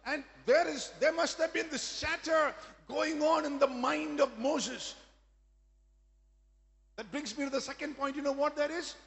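High-voiced preacher. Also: male voice, steady tone, unhurried, gravelly, a bit bright. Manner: emphatic preaching with call-and-response asides. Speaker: pastor. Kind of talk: sermon. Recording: long hall reverb.

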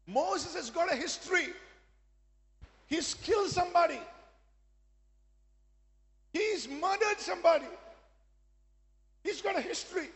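Man, very high voice, emphatic sermon, long echoing hall reverb. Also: a bit bright. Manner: emphatic preaching with call-and-response asides. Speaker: pastor.

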